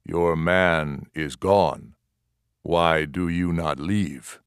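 A grave male chieftain, as a man reads him aloud, speaks in a deep, unhurried voice, each short sentence weighed and measured. The recording is dry and close, with no room around it. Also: fairly even intonation, clear, resonant tone, dry recording, exaggerated voice.

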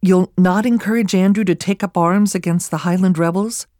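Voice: medium pitch, fairly even intonation, moderate pace, darkish tone, no room sound, studio quality, pitched above the performer's own voice, close to an everyday voice. A reader doing a worried Scottish noble mother. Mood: pressing.

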